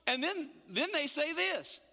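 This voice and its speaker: Male pastor, high lively voice, bright tone; sermon in a reverberant sanctuary. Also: a little slow, vocal fry. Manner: animated, repeats words, acts out quotes. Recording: long hall reverb.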